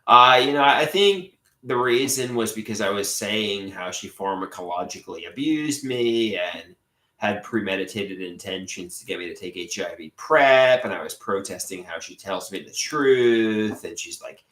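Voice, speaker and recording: A man's voice: lowish voice, normal speed, bright, forceful tone, reverberant. A man livestreaming from his room at home, rambling and swearing, often repeating himself. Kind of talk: rambling live stream monologue.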